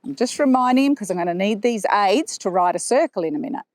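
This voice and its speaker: A woman of middle pitch talks through a training ride in a riding arena, calm and explanatory, breaking off for soft praise. Her voice comes across close and dry, with little room sound around it. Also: quick pace, no room sound. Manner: talking while riding a horse. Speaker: horse trainer. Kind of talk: instructional commentary while riding.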